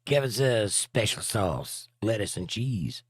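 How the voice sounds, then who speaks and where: A man's voice: on the low side, big pitch swings, takes it slowly, breathy edge, no echo. A middle-aged man hosts a livestream in a loose, joking way and reads out viewer comments between crude asides. His voice is recorded close and dry, with no room sound around it. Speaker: livestream host and musician. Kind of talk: casual chat, reading viewer comments aloud.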